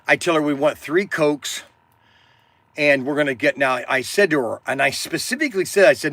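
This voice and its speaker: A man's voice: on the high side, lively intonation, normal speed, gravelly, bright, forceful tone, no room sound. A man in his sixties hosting a stream, telling an indignant story with a raised voice. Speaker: hobby shop owner hosting a stream. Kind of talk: ranting storytelling.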